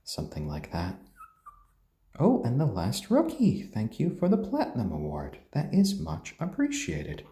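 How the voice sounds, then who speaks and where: A man with a mixed British and American accent, chatting gently on a live stream and cooing to his pets. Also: medium pitch, huge pitch swings, measured pace, echoey room. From born in Tokyo, raised British and American. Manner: gentle, soft-spoken, coos at pets. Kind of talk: casual live-stream chat.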